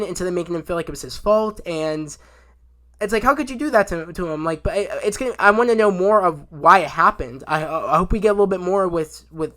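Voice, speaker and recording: A man's voice: on the high side, fairly bright tone. A young man giving a casual spoiler review of a TV episode, rambling with many fillers and restarts. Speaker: show reviewer.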